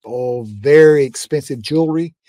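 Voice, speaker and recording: A man's voice: medium pitch, moderate pace, mellow, no echo, studio quality. An older man, a guest preacher, telling faith testimonies in a folksy, fervent conversational way and often repeating "I'm telling you.".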